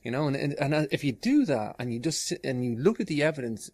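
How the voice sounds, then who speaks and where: Male interviewer at mid pitch in a dry, close recording, agreeable in tone. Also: very animated, fast, darkish tone, no echo. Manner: agreeable, with frequent fillers. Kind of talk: casual conversation.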